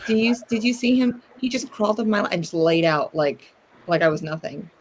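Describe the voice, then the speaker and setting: An adult with a Northern US accent that drifts Southern, chatting casually as a co-host in a relaxed, rambling way. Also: mid-range voice, fairly quick, a little hiss or hum. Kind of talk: casual chat.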